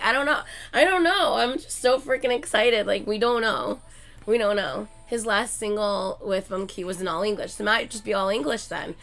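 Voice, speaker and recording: A woman hosting her channel in a casual chat with viewers, excitable and gushing like a fan, swearing often and filling her talk with "like.". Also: medium pitch, vocal fry. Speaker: channel host chatting with viewers.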